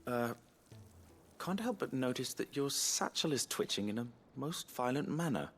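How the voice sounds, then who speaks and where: A man's voice: medium pitch, sing-song, normal speed, soft background music. A man playing a fussy, eccentric male plant scientist who talks in a formal, theatrical way with small hesitations. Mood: excited.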